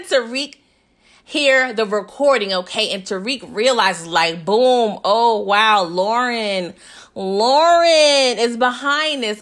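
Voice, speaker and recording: A woman casually recapping a TV episode, chatty and animated, laughing often and talking straight to her viewers. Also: on the high side. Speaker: TV recap vlogger.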